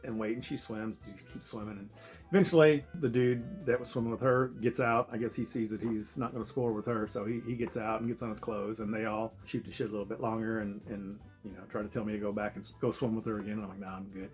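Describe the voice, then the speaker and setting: Fast-talking, profane male travel vlogger. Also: on the low side, faint music behind. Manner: profane, laughing, animated. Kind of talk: casual storytelling.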